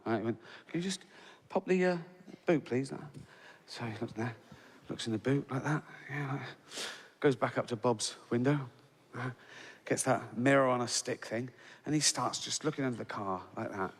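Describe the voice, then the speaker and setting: Recorded in a live hall with reverb and faint ambience, a comedian in his sixties tells stand-up stories chattily, ending lines with "right?" and laughing at his own jokes. He speaks at a moderate pace in a slightly rough, mid-range voice.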